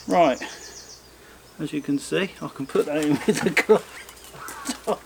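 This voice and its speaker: A man chatting casually as a bushcraft vlogger in his garden, rambling and self-mocking, often slipping into high coaxing talk for his pets. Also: slow, creaky, long pauses. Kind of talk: casual chat while working outdoors. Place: home garden outdoors. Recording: noisy outdoor garden recording.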